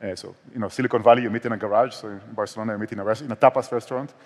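This guest, a startup co-founder and CEO with an Israeli accent, talks very fast in a fairly low voice with fairly even intonation. He's on a conference stage in a large hall, captured with long reverb. He sounds candid and self-deprecating and keeps restarting.

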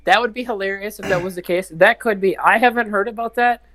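A man's voice: sits high, quick pace, bright, forceful tone. A man chatting as a guest musician on a casual podcast, rambling and swearing, with lots of "like". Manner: rambling, profane, heavy use of "like".

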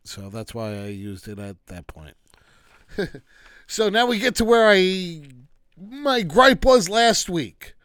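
A man's voice: high-pitched, very animated, slow, a bit bright, smooth, no echo, studio quality. A man hosting a casual wrestling recap, ranting with exasperated, dismissive asides.

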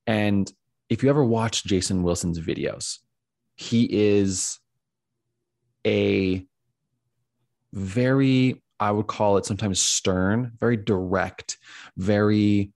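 A man's voice: fairly low pitch, slow, gravelly, long pauses, a little mellow, dry recording, clean studio sound. A man hosting a podcast, talking earnestly in a reflective conversation, often searching for words with fillers and restarts. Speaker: podcast host.

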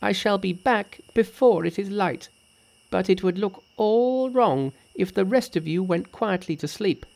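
A woman's voice: mid-range voice, creaky, a little mellow. Woman reading Monkey, a bossy trickster sage. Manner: brisk, bossy, teasing. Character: boastful clever male monkey sage. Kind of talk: audiobook reading.

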